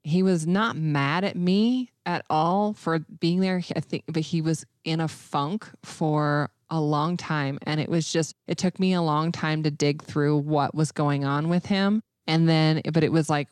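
A woman with a low voice talks openly and a bit self-mockingly in a relaxed conversation. The sound is dry and close, with no room around it. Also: smooth, no room sound. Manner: candid, self-deprecating, laughs often. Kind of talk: casual chat.

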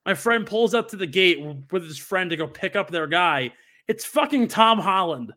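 Brief: young adult man, podcast co-host, slightly high voice, loose rambling anecdotes full of restarts. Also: very animated, normal speed, sharp tone. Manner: rambling storyteller with many fillers and restarts. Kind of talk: casual chat.

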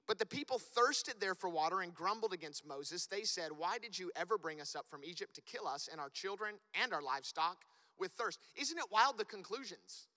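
High, bright-voiced preaching man. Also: moderate pace. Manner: animated, building to loud emphatic peaks. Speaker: pastor. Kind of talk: sermon. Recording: long reverb of a church hall.

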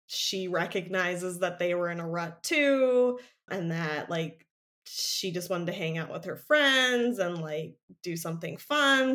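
A woman co-hosting a podcast, casually recapping a TV episode with lots of "like" fillers and laughs. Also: lowish voice. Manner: animated storytelling, many "like" fillers, frequent laughs. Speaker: podcast co-host.

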